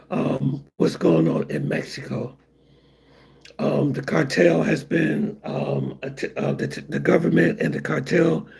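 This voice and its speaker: A man hosting a casual livestream, answering chat in a weak, raspy, breathy voice, rambling with many fillers. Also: fairly high pitch, a little mellow. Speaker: livestream host reading chat.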